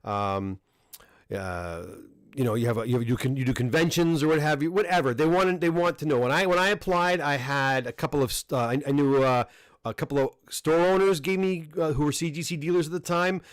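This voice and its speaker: A middle-aged Canadian man hosting a casual livestream unboxing, talking in a relaxed, rambling way with frequent restarts and fillers. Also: fairly high pitch, a little fast, no echo. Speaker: comic book dealer and host. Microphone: desk microphone close up.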